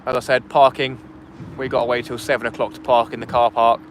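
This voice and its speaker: Brief: male fishing streamer, mid pitch, chatty, outdoors on a phone, faint background noise. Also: flat delivery, fast. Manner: chatty, reads out chat and thanks donors. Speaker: fishing livestream host. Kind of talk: casual live-stream chat. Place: outdoors by the sea wall. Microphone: phone streaming vertically.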